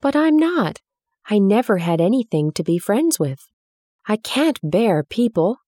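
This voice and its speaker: A woman's voice: mid-range voice, sing-song, unhurried, mellow, dry recording, studio quality, pitched above the performer's own voice. A woman voicing a lonely, sickly young boy who grows eager and breathless. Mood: wistful. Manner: breathless, yearning, rising to cries.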